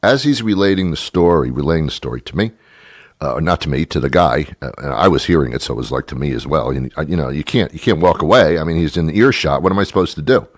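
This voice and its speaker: A man's voice: a bass voice, expressive, fast, dry recording, studio quality. A man hosting a talk radio show, telling a story as a comedic rant, exasperated and sarcastic, with mock-pedantic asides.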